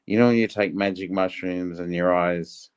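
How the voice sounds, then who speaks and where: Laid-back low-voiced man. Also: fairly even intonation, moderate pace, smooth. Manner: laid-back, asks simple questions. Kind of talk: casual chat.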